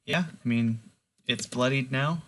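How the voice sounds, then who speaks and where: A man running a tabletop game as game master, relaxed and loose, with lots of fillers. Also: medium pitch, a little slow.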